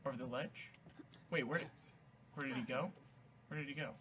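A man playing a video game and commenting casually, excitable and swearing, shouting at the game. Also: mid-range voice, fairly quick, noisy background. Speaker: gamer playing on stream.

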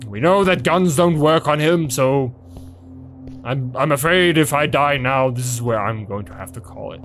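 A man giving theatrical, excitable horror game commentary, swearing a lot and playing along with his in-game character. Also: mid-range voice, moderate pace, faint music behind. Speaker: let's play gamer.

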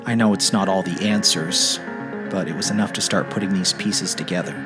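A man giving a dramatic reading of a troubled teenage boy's letters, in a quiet, earnest, halting way. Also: deep voice, loud music behind the voice. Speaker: narrator.

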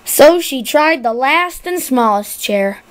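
Slow, lively-voiced young storyteller. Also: female voice, high voice. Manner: slow, sing-song storytelling with small slips. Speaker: narrator. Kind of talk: reading a storybook aloud.

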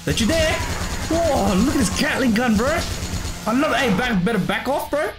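A man's voice: extremely high pitch, expressive, moderate pace. A man giving easygoing let's play commentary, laughing often and calling everyone bro. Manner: laid-back, calls everyone bro, laughs a lot. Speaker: gamer. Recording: game music behind. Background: game music.

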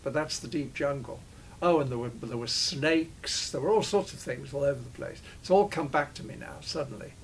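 A man's voice: on the high side, creaky, a little hiss or hum. An older man, an actor, recalling old shoots in a digressive interview, often breaking off and restarting his sentences. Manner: digressive storyteller, halting restarts. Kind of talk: reminiscing interview.

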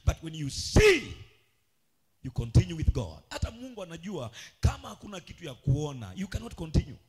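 A man preaching a charismatic church sermon, swinging from loud shouted calls to quiet asides and sing-song chanting, with a husky voice. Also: fairly high pitch, wildly swooping pitch, fairly quick. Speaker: pastor. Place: church sanctuary.

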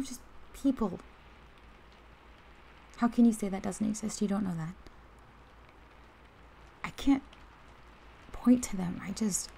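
A fiercely loyal young woman best friend, as a woman acts her out in a whispered role-play, her voice low and mellow with a gravelly fry. She talks straight to the listener, heated one moment and tender the next, over a faint hiss. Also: poor audio. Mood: indignant, then soft, tender. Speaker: ASMR role-play performer.

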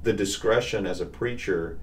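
A Southern man in his forties with a very deep voice tells stories with a relaxed, drawling warmth. He is a pastor chatting on a podcast, animated and easygoing, with a strong low register. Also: moderate pace. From Southern US, Nashville. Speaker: pastor, co-host. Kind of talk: casual chat, storytelling.

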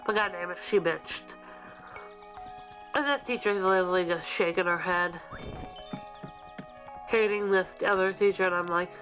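A woman's voice: fairly low pitch, normal speed, pauses often, lo-fi sound, music in the background. A young woman telling a ranting story while gaming, swearing and acting out what people said. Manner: ranting, swears, acts out quotes. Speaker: gaming vlogger. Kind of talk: casual storytelling over gameplay.

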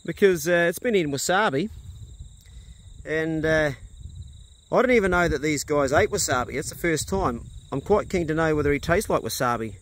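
A man's voice: a little high, lively intonation, moderate pace, a bit bright. A man, a farmer talking casually and bluntly to a phone camera outdoors, swearing freely. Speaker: farmer vlogger. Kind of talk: casual walk-and-talk vlog. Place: outdoors on a farm.

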